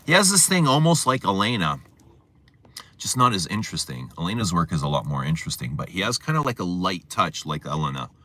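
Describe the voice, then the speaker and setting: A man hosting a casual livestream, chatting to viewers and telling stories in a chatty, animated way. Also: low voice, brisk. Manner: chatty, storytelling, animated retelling. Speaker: livestream host.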